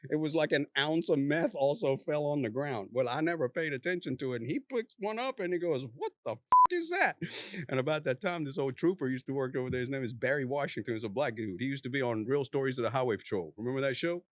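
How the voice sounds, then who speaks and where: A man, a former narcotics task force officer, telling a story in a casual, animated way, laughing often and swearing freely. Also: medium pitch, fast talker, hardly any pauses, dry recording.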